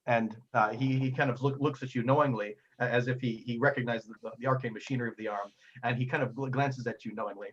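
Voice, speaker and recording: A man's voice: medium pitch, steady tone, quick pace, slightly rough, lo-fi sound. A man narrating a tabletop role-playing game as game master, with frequent restarts and fillers.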